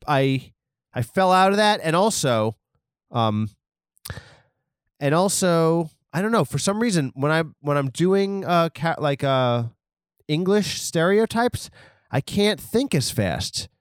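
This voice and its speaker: A man's voice: fairly high pitch, lively intonation, slow, smooth, no echo, studio quality. A man hosting a comedy podcast, riffing crudely and rambling on news headlines. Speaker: podcast host.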